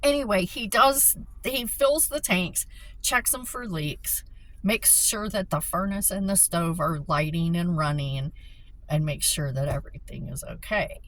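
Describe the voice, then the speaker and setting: A woman casually telling a story, animated and excitable, with frequent swearing. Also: on the low side, a little slow, low-quality recording. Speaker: vlogger.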